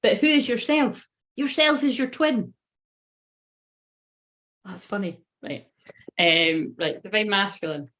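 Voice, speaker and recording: A woman tarot reader talks straight to her viewers in a loose, rambling monologue. She swears freely and laughs at herself between thoughts, and her pitch sits in an ordinary middle range. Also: slow pace, long pauses, a bit bright. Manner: chatty, swears constantly, often laughs at herself. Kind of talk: casual tarot reading monologue.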